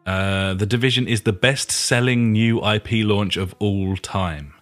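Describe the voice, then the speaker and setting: A man's voice: lowish voice, measured pace, few pauses, a bit bright, faint music behind. A man co-hosting a casual gaming podcast, dry and sarcastic, who swears casually and keeps calling his co-host buddy. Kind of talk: casual gaming news chat.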